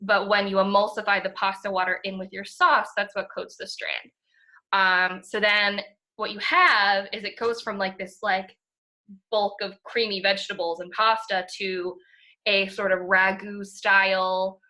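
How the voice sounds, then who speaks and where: Bright-voiced, chatty young woman. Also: medium pitch, flat delivery, a little slow. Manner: enthusiastic, chatty, many fillers, swears. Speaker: podcast co-host. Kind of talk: casual chat.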